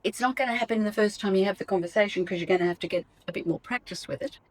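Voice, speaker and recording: A woman's voice: mid-range voice, rapid-fire, poor audio. A middle-aged woman hosting a solo podcast on coaching couples, chatty, often acting out sample lines a partner might say.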